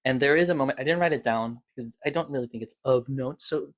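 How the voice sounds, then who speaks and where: A man's voice: medium pitch, quick pace. A man giving a casual, rambling recap of podcast episodes as a reviewer, talking loosely and stopping to restart his thoughts.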